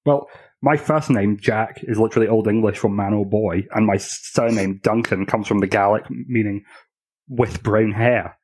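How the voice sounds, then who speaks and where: Man, husky voice, dry self-mocking tabletop player. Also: on the low side, fairly even intonation, moderate pace, a little mellow. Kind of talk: casual tabletop banter.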